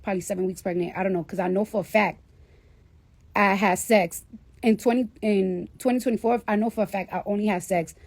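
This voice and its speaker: A woman's voice: medium pitch, a little mellow, no room sound. Candid, foul-mouthed woman telling a story. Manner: candid, profanity-laden, chatty. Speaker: livestreamer. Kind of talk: casual storytelling to a live audience.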